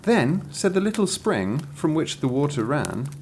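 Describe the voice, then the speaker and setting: A man reads a fairy tale aloud for a podcast, his voice swinging widely and lively from low to high. He reads playfully and gets excited at the refrains, between bouts of banter. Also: a little slow, husky. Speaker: podcast host reading folk tales.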